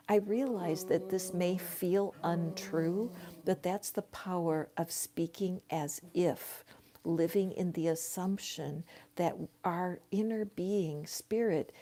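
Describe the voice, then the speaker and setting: An older woman hosting a live tarot reading from her home, talking slowly and softly and often sinking into a whisper. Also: on the low side. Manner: soft, slow, dropping often into whispers. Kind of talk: live tarot reading, casual spiritual talk. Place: her home, with her dog nearby. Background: a dog barking at times.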